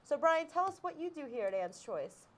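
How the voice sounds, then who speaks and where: A woman co-hosts a trivia game in a chatty, casual way, with frequent ums and uhs between her words. Her voice sits somewhat high for a woman. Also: big pitch swings, brisk. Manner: chatty, laughing, with many fillers. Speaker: trivia co-host.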